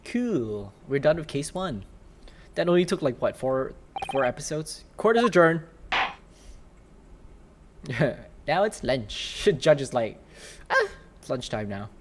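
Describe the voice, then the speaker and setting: A man's voice: fairly high pitch, sing-song, takes it slowly, pauses often, slight background noise. A man giving casual, joking commentary while playing a game, with laughing asides. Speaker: let's play host. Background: game music.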